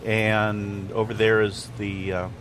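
A man's voice: lowish voice, flat delivery, slow pace, background noise. A man working as a restaurant critic, talking casually and knowledgeably about food, thinking aloud with the odd filler, recorded first in a car at a drive-thru and then in a restaurant. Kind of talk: casual conversational explaining.

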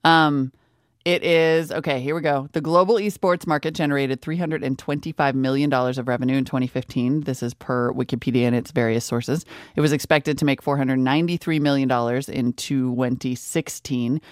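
A woman co-hosting a chat podcast, upbeat and chatty with quick asides and playful sound effects. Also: extremely low pitch, steady tone, no echo, studio quality. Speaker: podcast co-host. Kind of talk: casual chat.

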